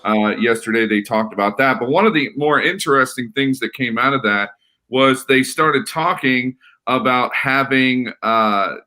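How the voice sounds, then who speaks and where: A man's voice: medium pitch, moderate pace. A man hosting a sports podcast in casual, rambling chat. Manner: relaxed, rambling, with fillers and laughs. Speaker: podcast host.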